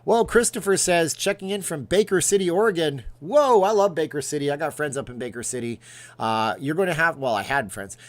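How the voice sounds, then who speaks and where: A man's voice: a little high, lively intonation, fairly quick. A man hosting a casual livestream. He rambles between topics and reads viewers' names and comments aloud. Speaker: host.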